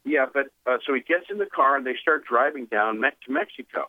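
A man's voice: mid-range voice, fast talker, no room sound. A man telling a long, meandering story over the phone on a radio show, full of "uh"s and restarts. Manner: meandering, filler-heavy storytelling with animated retelling. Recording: tinny phone line.

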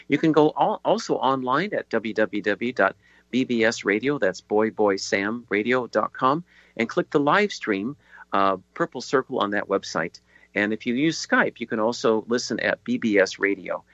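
A man's voice: fairly low pitch, fairly bright tone, dry recording, lo-fi sound. A man hosting a radio talk show from a studio, rambling with many ums and restarts. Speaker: radio host.

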